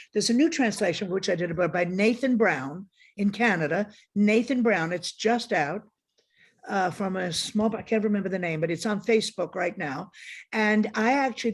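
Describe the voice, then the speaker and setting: A woman guest critic speaks over a video call in a mid-range voice with a breathy edge. The discussion is conversational and academic, and she is frank and digressive, often correcting herself as she goes.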